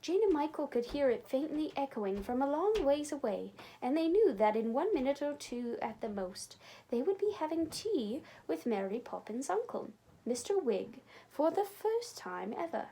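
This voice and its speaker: A woman librarian reading a children's storybook aloud with expressive, animated storytelling. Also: high-pitched, moderate pace.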